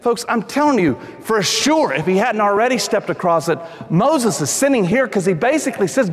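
Emphatic, high-voiced preacher in a reverberant hall. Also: male voice, sing-song, a little fast, few pauses. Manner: emphatic, addresses listeners as folks, drops low for stress. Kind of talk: sermon.

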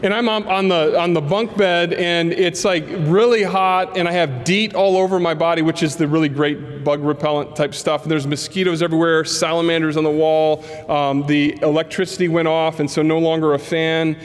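This pastor's voice is on the high side, and he moves at a moderate pace with hardly any pauses. Animated, he tells stories during his sermon and voices the people in them, with the long reverb of a large hall around him.

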